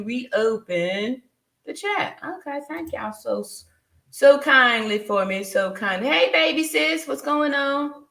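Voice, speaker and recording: Bright-voiced woman in her fifties hosting a live chat. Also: a little high, creaky, reverberant. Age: 50s. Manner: chatty, laughs often, greets viewers by name. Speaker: live stream host. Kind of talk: casual live stream chat reading comments.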